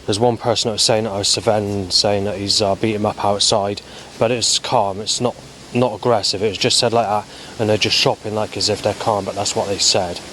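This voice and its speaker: Halting, lower-voiced man recounting his day. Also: a little hiss or hum. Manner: halting, many ums and restarts, flat recounting. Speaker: vlogger. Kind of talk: rambling spoken log of daily events.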